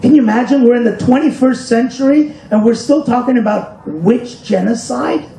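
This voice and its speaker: A man's voice: very high-pitched, fairly quick, warm tone, echoey room, faint music behind, poor audio. A man telling a personal story in an emotional public speech, asking the audience rhetorical questions and pointing to pictures. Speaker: speaker at a commemoration event. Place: hall with an audience.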